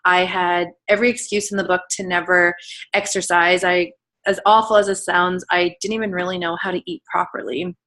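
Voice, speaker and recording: A woman's voice: on the low side, level tone, normal speed, fairly bright tone. A woman in her thirties giving an earnest, emotional personal testimony as a guest speaker on a team call, in casual, filler-heavy speech. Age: 30s.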